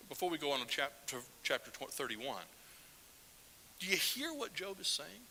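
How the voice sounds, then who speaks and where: A man's voice: on the high side, very animated, moderate pace, bright, forceful tone. A man preaching a Sunday sermon, reading scripture aloud with strong feeling and asking the listeners questions. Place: church sanctuary. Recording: roomy church hall with faint hiss.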